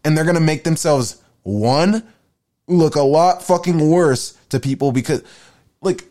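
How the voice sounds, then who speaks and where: A man's voice: a little high, unhurried, dark tone. A young man hosting a solo podcast, rambling through his opinions with frequent swearing and self-deprecating asides. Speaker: podcast host.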